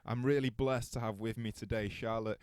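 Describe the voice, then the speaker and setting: A man hosting a podcast, telling stories in a rambling, animated way with many restarts. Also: on the low side, brisk, clear, resonant tone, dry recording, clean studio sound. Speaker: podcast host. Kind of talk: casual interview chat.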